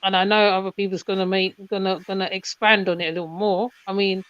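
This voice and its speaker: A woman joining a casual group chat as a mother, halting and often repeating herself. Her voice comes through muffled and lo-fi, with no room echo at all. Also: medium pitch, flat delivery, smooth. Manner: hesitant, repeats words, many fillers. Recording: dull, dry lo-fi audio.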